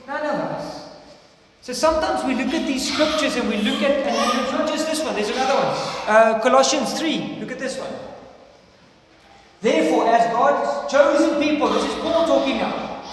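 High-voiced South African preacher in echoey church. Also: male voice, moderate pace. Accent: South African English. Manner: preaching with emphatic repetition and sudden quiet pleas. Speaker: pastor. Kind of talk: sermon. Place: church hall. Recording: echoey hall, distant mic, faint noise.

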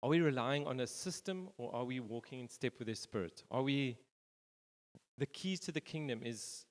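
A man delivers a relaxed, meandering sermon, stopping and restarting his phrases as he goes. His voice sits in a middle register. It rings with the long reverb of a church hall. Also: mid-range voice, moderate pace. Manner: rambling, informal, many fillers and restarts. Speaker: pastor. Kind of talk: conversational sermon.

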